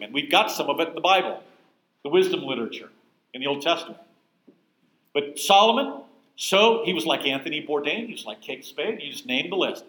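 A man leads a Bible class, talking in a lively, conversational way and stressing points hard. He keeps asking his listeners questions. His voice sits a little high and rings in an echoey room. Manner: emphatic, asks the room questions. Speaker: pastor teaching a Bible class.

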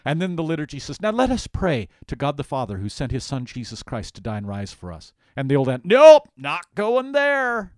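A man co-hosting a conversational Bible study, animated, acting out voices for emphasis. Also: medium pitch, quick pace, few pauses, dry recording, clean studio sound.

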